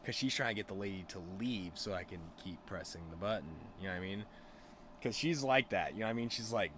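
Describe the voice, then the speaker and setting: A man's voice: low-pitched, lively intonation, fast talker, fairly bright tone, slight background noise. A man streamer rambling through a crude, casual story with lots of fillers.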